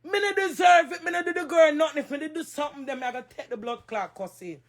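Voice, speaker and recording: On a livestream, a Jamaican woman known on social media cries and rants with emphatic repetition, her voice rising at moments. She speaks high and quickly with lively intonation.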